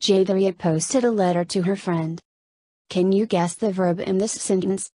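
A woman teacher narrating a scripted lesson, reading slowly and carefully and addressing her students. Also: mid-range voice, fairly even intonation, warm tone.

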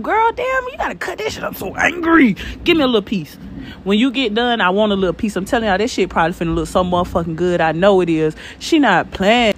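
A woman giving a comic reaction voice-over, profane and exclamatory, teasing the person on screen. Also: mid-range voice. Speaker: reaction commentator.

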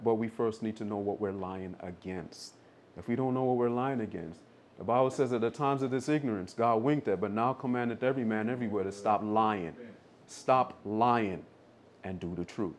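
A man's voice: fairly low pitch, normal speed, darkish tone, a little hiss or hum. A man preaching a sermon, insistent and repeating his points for emphasis.

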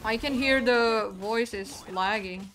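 A young woman chatting on a game live stream in a fairly high voice. She talks at an unhurried pace, playful and quick to giggle at her own word games. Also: fairly bright tone. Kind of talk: casual live-stream chat while gaming.

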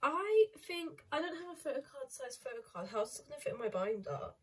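Young female host, casual unboxing chat, higher-pitched and excitable, rambling. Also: brisk, slight background noise. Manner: excitable, gasping and exclaiming over each item; chatty, thinks aloud with many "like"s. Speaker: channel host.

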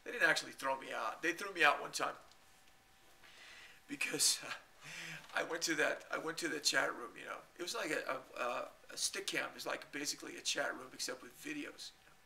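Man, video blogger, rambling storyteller, repeats himself, fairly high gravelly voice. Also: sharp tone, slight background noise. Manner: halting, repeats words, chuckles often.

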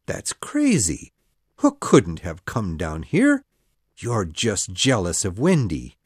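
A woman voicing a brave young boy hero in an audiobook, in a lower, earnest boyish voice. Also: huge pitch swings, slow pace, a little mellow, slightly rough, no echo, clean studio sound, full character voice. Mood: defiant. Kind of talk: audiobook reading.

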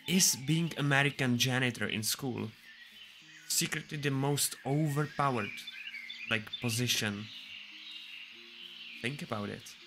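A man's voice: mid-range voice, bright, forceful tone. A young man streaming a game, chatting casually with crude jokes and frequent laughter. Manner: joking, crude, laughs often. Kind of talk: casual gaming stream chat.

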